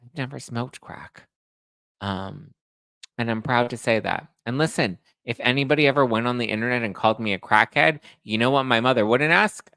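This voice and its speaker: A man's voice: medium pitch, moderate pace, creaky, sharp tone, smooth, no room sound. A man hosting a podcast, chatting casually and with sass while recapping reality TV. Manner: chatty and sassy, acts out quotes. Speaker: podcast host.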